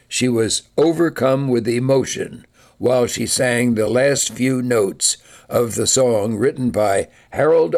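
A man hosting a music program, reading a formal, measured scripted introduction. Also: mid-range voice, creaky, darkish tone. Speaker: radio music program host. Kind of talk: scripted narration.

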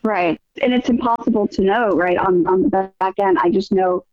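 A woman guest speaks in an earnest, thoughtful way and restarts her sentences as she goes. Her voice sits at a middling pitch. The recording is dry and a little dull. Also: moderate pace, no echo, faint music behind. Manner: thoughtful, earnest, self-correcting. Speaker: author guest. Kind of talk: casual interview chat.

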